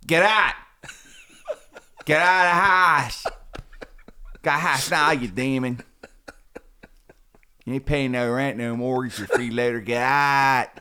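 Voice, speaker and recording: A man playing a loud, commanding exorcist priest who shouts at a demon. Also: medium pitch, slow, pauses often, clean tone, voice pushed up. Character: bellowing Pittsburgh exorcist priest, male, middle-aged.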